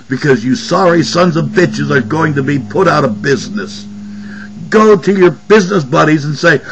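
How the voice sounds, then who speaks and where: A man's voice: on the high side, expressive, moderate pace, a bit bright, breathy edge, rough recording. A man hosting his own political commentary video, ranting angrily with profane sarcasm. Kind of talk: angry political rant.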